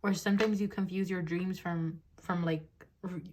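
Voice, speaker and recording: A woman's voice: on the low side, steady tone, moderate pace, noisy background. A woman in her twenties doing a casual tarot reading, giggly and rambling with lots of fillers, recorded on a phone at her desk. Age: 20s. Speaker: tarot reader. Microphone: phone on a desk mount.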